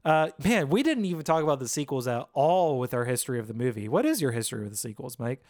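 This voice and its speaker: A man's voice: medium pitch, fast, dry recording, studio quality. A man co-hosting a movie podcast, chatting casually and rambling with frequent restarts. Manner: animated, rambling with many restarts. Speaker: podcast co-host.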